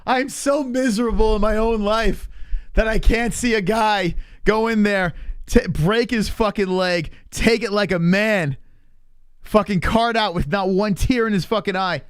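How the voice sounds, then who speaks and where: Shrill, wailing caricature of a miserable hater, drawn out and mocking, as a streamer puts it on. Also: male voice, clear, resonant tone, dry recording, clean studio sound. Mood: mocking whine. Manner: shrieking, drawn-out, exaggerated whining.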